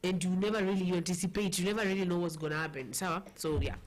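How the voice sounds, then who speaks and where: A woman's voice: on the low side, fairly even intonation, very fast. A woman with a Kenyan accent hosting a casual political chat show, chatty and playful, switching languages mid-sentence. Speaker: talk show host.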